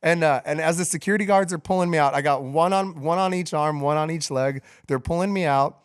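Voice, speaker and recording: A man casually telling a long, profane story on a podcast, animated and full of fillers. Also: on the high side, brisk, clear, resonant tone.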